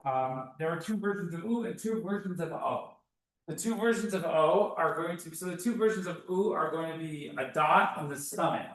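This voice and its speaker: A man's voice: on the high side, moderate pace, a bit bright. A man teaching a Hebrew reading class over a video call, patiently sounding out syllables one at a time. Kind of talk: online class instruction.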